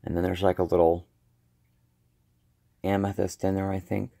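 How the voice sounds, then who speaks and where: A man rambling casually through a show-and-tell video, with a slight lisp and slightly slurred speech, often halting and restarting. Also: sits low, little pitch movement, vocal fry, warm tone. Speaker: vlogger.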